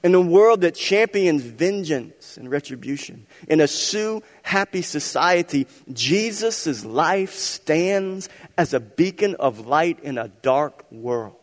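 A man preaching a sermon as pastor, moving between loud emphatic stretches and soft, hushed passages. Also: a little high, lively intonation, takes it slowly, few pauses. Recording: long reverb of a large hall.

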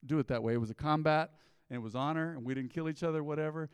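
A man's voice: a little high, fairly even intonation, racing, clear, resonant tone. A middle-aged man pastor preaching a sermon in a church sanctuary, emphatic, with bursts of rising energy and acted asides. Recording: live church sermon with long hall reverb.

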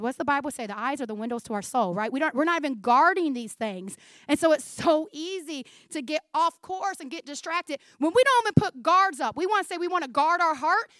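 A woman in her forties preaching a sermon to her church. She talks fast and chatty, with frequent laughs. Her voice sits high and bright, and the recording is dry and close. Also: no echo. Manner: fast, chatty, laughing often, says 'like' a lot.

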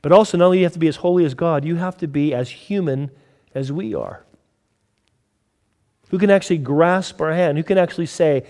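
Preacher dude telling bible stories like he's chatting, voice a bit high, does all the voices. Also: brisk, long pauses. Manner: conversational storytelling, animated, acts out quotes. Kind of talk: sermon.

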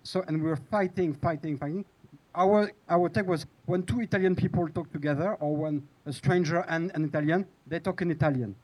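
A man who writes for TV, speaking on a panel in a halting, hesitant way with many restarts. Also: fairly high pitch, darkish tone, poor audio. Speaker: TV screenwriter on a panel.

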